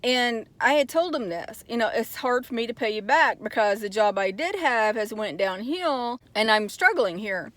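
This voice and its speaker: A woman's voice: on the high side, animated, moderate pace, few pauses, fairly bright tone, dry recording. A middle-aged woman telling a personal story in a candid vlog, getting frustrated as she goes. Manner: candid, gets heated and frustrated retelling. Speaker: vlogger.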